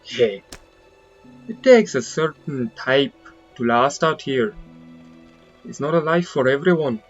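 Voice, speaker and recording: A man voicing a downcast, gruff male fishmonger in a rough, put-on northern brogue. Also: mid-range voice, slow pace, highs cut off, faint music behind.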